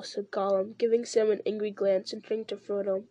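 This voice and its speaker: A woman reading a novel aloud at a steady pace, with occasional slips and restarts. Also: medium pitch, fairly quick, hardly any pauses, no room sound. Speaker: reader.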